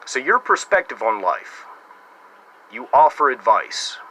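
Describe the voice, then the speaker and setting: Sharp-voiced sarcastic American man. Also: medium pitch, very animated, measured pace, slight background noise, poor audio. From United States. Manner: sarcastic and mocking. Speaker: YouTuber making a response video. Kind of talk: casual talking-to-camera monologue.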